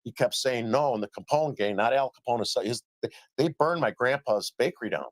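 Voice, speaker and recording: A middle-aged man on a live stream telling stories about his reporting in a casual, animated way, acting out what others said. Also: medium pitch, moderate pace, no room sound. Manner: animated storyteller, acts out quoted dialogue. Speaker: citizen journalist guest. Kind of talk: casual remote interview.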